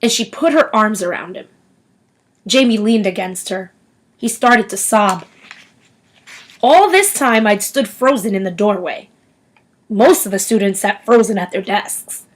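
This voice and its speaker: Expressive woman reading a novel aloud. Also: mid-range voice, a little slow, pauses often, poor audio. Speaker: audiobook reader.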